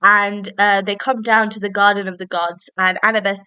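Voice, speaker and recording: A woman's voice: medium pitch, level tone, moderate pace, bright, forceful tone, smooth, no echo. A young woman hosting a solo book-review podcast, chatting in a rambling, self-deprecating way with giggly asides. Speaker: podcast host.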